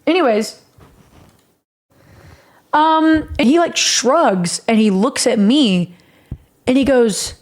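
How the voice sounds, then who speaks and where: Woman, high voice, streamer, casual storytelling, swears a lot, laughs often. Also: slow pace, long pauses. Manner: profane, rambling, laughing.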